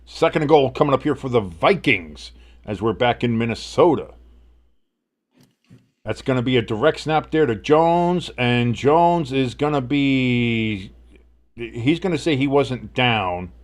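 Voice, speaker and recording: Male host calling football play-by-play, casual, excitable, rambling. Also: mid-range voice, a little slow. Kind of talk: live play-by-play commentary.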